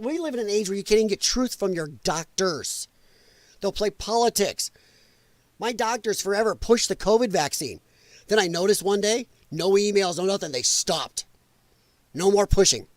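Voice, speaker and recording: High-voiced, blunt, profane male host. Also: normal speed, no room sound. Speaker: livestream show host. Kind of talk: ranting live commentary.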